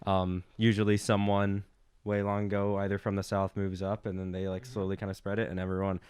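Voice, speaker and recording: Young Midwestern guy, cast member on a talk show, smooth and lowish voice, laughs often. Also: brisk, no room sound. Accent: Midwestern American. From Nebraska, US. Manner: laughing, animated storytelling. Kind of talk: casual chat.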